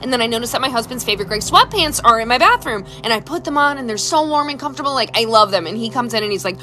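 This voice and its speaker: Lively high-voiced woman telling stories. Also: rapid-fire, few pauses. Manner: animated, acts out quoted voices, laughs often. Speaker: storyteller. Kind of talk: casual storytime monologue.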